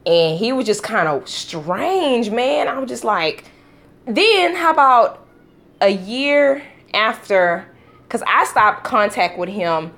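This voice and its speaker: A woman casually telling a storytime vlog at home, acting out quotes with sudden pitch jumps and breaking off to talk to her young children. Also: lively intonation, slow pace, a bit bright. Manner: talks to her toddlers between story bits. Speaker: vlogger.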